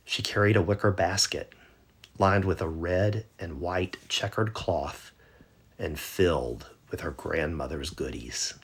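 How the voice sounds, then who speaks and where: Slow, deep-voiced man reading a bedtime story. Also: a bit bright, breathy edge.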